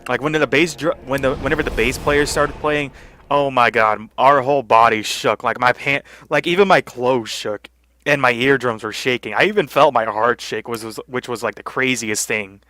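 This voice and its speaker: A man's voice: medium pitch, normal speed, bright, forceful tone, no echo. A young man casually telling a rambling story over gameplay, full of fillers and swearing. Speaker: gaming channel host.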